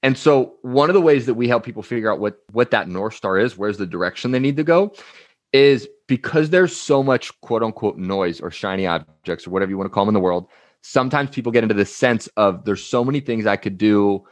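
A young coach with a lowish voice talks a little fast as a casual interview guest. He's an energetic storyteller, sharing anecdotes and acting out quotes. There's no room sound.

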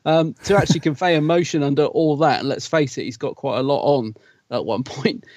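A man's voice: on the high side, brisk, a little mellow, no echo. A man from Britain co-hosting a podcast, chatting in a rambling, chatty way with frequent laughs. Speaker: podcast co-host. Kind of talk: casual chat. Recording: dull, lo-fi sound.

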